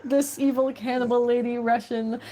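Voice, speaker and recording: A woman's voice: on the high side, level tone, normal speed, very noisy. A woman runs a tabletop game as narrator, setting scenes with a slightly raised voice. She breaks into giggles and mocks herself. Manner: giggly, self-mocking. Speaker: game master.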